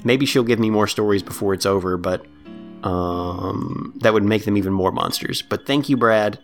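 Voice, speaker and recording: A man co-hosting a casual podcast, sarcastic and animated, laughing often as he talks. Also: lowish voice, normal speed, soft background music. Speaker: podcast co-host.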